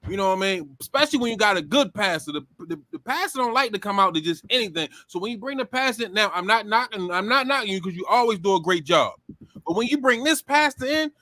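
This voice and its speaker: A man's voice: sits high, animated, quick pace, bright, forceful tone, no echo. A man co-hosting a casual podcast, teasing and repeating himself as he presses his point. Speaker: podcast co-host.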